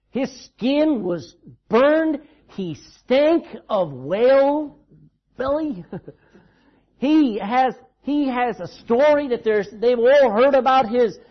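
A man's voice: extremely high pitch, husky, highs cut off. A man preaching a sermon in a church, telling the story dramatically and with emphasis. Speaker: pastor.

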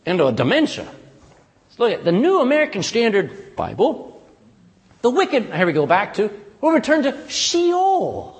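A male preacher with a high, strongly swinging voice delivers a sermon in a folksy, animated way and keeps tossing "amen?" back to the pews. His voice rings through a church with a long, lingering reverb.

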